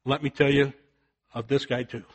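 An older man preaching a sermon, telling a folksy family story and swinging from loud shouted warnings to soft, quiet appeals. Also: medium pitch, level tone, moderate pace, breathy edge.

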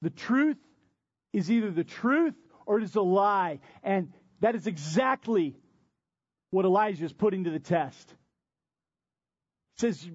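A man's voice: sits high, animated, a little slow, long pauses, no room sound, muffled recording. A man preaching a sermon, with emphatic repetition and rhetorical questions. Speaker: pastor.

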